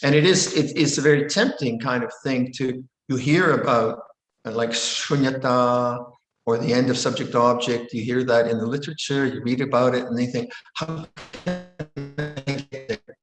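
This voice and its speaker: An older man, a Buddhist monk, giving a calm dharma talk and answering a question, often repeating and restarting his phrases. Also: medium pitch, moderate pace, soft background music. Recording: roomy echo.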